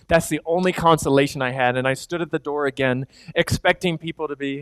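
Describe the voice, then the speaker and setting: Candid pastor with a dry, close sound. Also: male voice, on the high side, steady tone, clean tone, dry recording. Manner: candid, self-deprecating storytelling with quick laughs. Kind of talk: sermon with personal storytelling. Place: church sanctuary.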